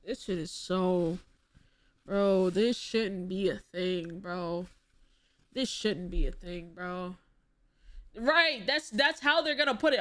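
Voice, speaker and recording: A woman streamer reacting to a video in casual live-stream talk, animated and exclaiming, swearing often and firing off rhetorical questions. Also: fairly low pitch, takes it slowly.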